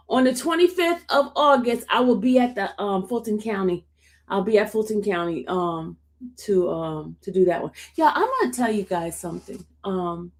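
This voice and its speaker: A woman hosting a casual livestream, chatting and answering viewer comments in an expressive way. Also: medium pitch. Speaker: livestream host covering court cases. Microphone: streaming setup.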